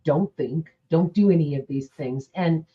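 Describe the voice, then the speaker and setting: A woman with a lowish voice hosts a relaxed conversation. She reflects on her past and acts out what people said to her. Her audio sounds dull and lo-fi. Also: a little slow. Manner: reflective, acts out quoted dialogue. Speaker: podcast host. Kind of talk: casual conversation.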